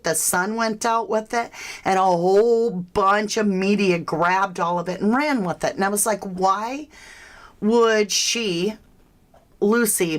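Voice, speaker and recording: A woman hosting a true crime livestream, chatting casually with viewers and thinking aloud with frequent asides. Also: mid-range voice.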